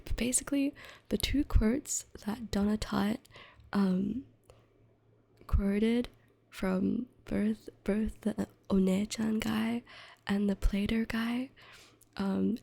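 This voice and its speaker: A woman's voice: medium pitch, vocal fry, warm tone, breathy edge. A young woman streamer in a whispered ASMR chat, rambling and giggling at herself as she reads, close to the mic. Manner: giggly, rambling, self-deprecating.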